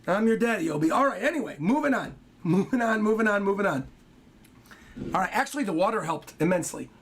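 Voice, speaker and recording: A man streaming from home, his voice hoarse and worn out, chatting excitedly and rambling as he reads donations and talks to his dog. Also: high voice, fast, a little hiss or hum. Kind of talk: casual livestream chat.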